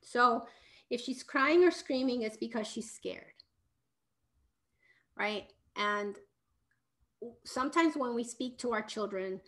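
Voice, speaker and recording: Her voice is on the high side and expressive, moving slowly with long pauses. A parenting educator answering questions live, she frequently checks in with "right?" and at times softens into a soothing tone.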